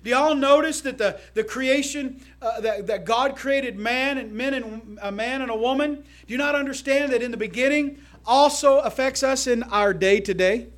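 A man preaching a sermon to his church in a folksy, emphatic way, swinging between loud calls to the congregation and quiet asides. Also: very high voice, moderate pace, hardly any pauses. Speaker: pastor.

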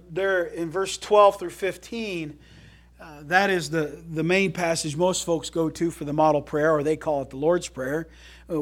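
A man preaching from the pulpit in a folksy, animated way, with a somewhat high voice. He jumps from loud, emphatic lines to quiet, low asides and slips in jokes along the way. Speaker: pastor. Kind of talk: sermon.

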